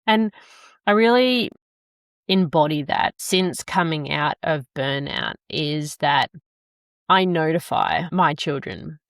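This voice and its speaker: A woman's voice: low-pitched, animated, slow pace, no room sound, studio quality. A woman hosting a podcast, reflecting on her own experience as a parent and asking questions. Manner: reflective, shares personal experience. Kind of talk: conversational podcast talk.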